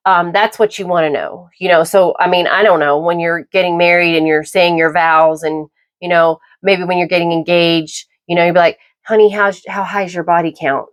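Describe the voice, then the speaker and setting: Emphatic middle-aged woman, lower voice. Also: flat delivery. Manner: emphatic, halting with repeated restarts. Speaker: podcast host. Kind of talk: opinionated personal monologue.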